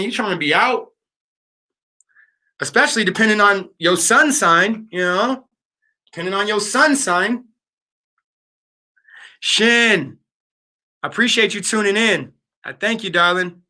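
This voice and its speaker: A man running a casual livestream, his voice high and very bright, cutting through clearly. He teases his viewers in playful slang and keeps up easy banter. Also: unhurried, long pauses. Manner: playful, slangy, talks to the chat. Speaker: livestream host. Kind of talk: casual live chat.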